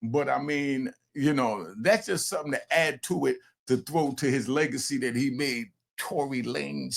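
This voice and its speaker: Gravelly older man, animated commentator. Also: medium pitch, normal speed, background noise. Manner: animated, talks straight to viewers, breaks off to scold his grandson. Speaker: commentator host. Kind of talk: casual commentary.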